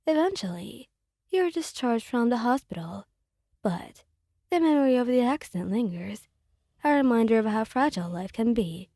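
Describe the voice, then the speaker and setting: A woman storyteller reading a fan fiction story aloud in an even, read-aloud way. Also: a little high, no echo, clean studio sound.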